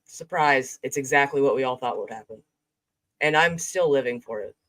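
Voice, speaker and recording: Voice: mid-range voice, moderate pace, a bit bright, no room sound. A podcast co-host chatting casually with a sarcastic, amused tone. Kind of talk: casual chat.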